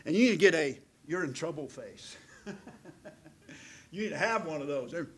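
A middle-aged man preaching a sermon, calling for amens and moving between loud emphatic delivery and a hushed near-whisper. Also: fairly high pitch, expressive, moderate pace, slightly rough, rough recording. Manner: calls out "amen" to the congregation. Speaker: pastor.

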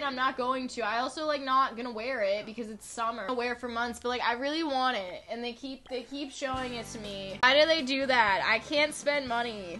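Young woman in her twenties, bright and a bit high, casual sarcastic gameplay chatter, faint music behind. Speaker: gaming YouTuber.

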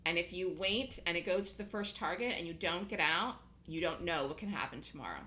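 A woman hosting a live trading room, talking fast and emphatically, repeating her points and laughing easily. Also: fairly low pitch, expressive, pushed and bright, echoey room, rough recording.

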